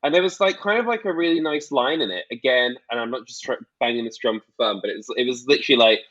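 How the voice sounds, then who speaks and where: A man's voice: medium pitch, fast, highs cut off. A man co-hosting a podcast, chatting casually as he recaps a book and acts out the characters' quotes. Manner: animated storytelling, acts out quotes. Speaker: podcast co-host.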